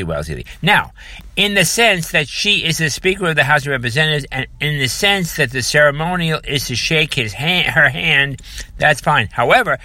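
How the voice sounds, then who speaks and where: A man's voice: on the high side, bright, forceful tone, no room sound. A man, delivering an emphatic political commentary monologue with frequent repetition and mocking asides. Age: 70s.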